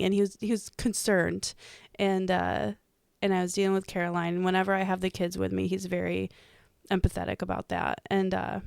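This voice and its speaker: Female podcast co-host, vocal fry, dry room, relaxed storytelling. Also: mid-range voice, a little fast, dry recording. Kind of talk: casual chat.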